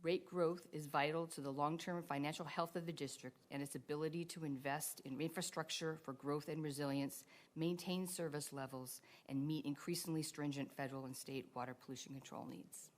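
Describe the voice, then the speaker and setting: A woman presenting a formal staff report at a public board meeting, in a measured way. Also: low-pitched, steady tone.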